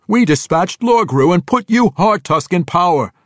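A man doing a defiant young dark elf prisoner. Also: high-pitched, lively intonation, moderate pace, no room sound, studio quality, voice pushed up. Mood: pleading. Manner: loud indignant protest.

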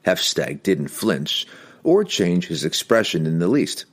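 A man reading a fantasy novel aloud as an audiobook narrator, in a dramatic, expressive way. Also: low-pitched, unhurried.

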